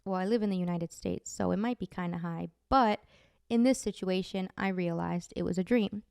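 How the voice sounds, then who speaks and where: Chatty woman with a gravelly edge. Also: lowish voice, normal speed, darkish tone, no room sound, clean studio sound. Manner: chatty, many "like" fillers. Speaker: podcast host. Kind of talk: casual storytelling.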